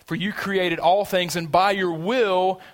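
A man's voice: high voice, steady tone, unhurried. A man preaching a sermon in a church, conversational and emphatic, drawing the congregation in with questions. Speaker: pastor. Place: church sanctuary.

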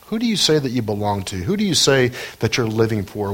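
A man preaching a sermon as pastor of his church, earnest and measured. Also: fairly low pitch, very animated, fairly bright tone, breathy edge.

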